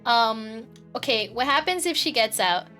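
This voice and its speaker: A woman's voice: fairly high pitch, expressive, a little slow, over music. A woman streamer chatting casually while playing, rambling, giggling often and swearing freely. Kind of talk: casual live-stream chat.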